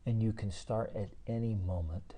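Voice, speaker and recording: A man's voice: on the low side, steady tone, normal speed, warm tone. A man in his forties co-hosting a casual parenting podcast. He talks bluntly and with emphasis, and acts out other people's voices in his stories. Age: 40s. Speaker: podcast co-host. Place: hotel room.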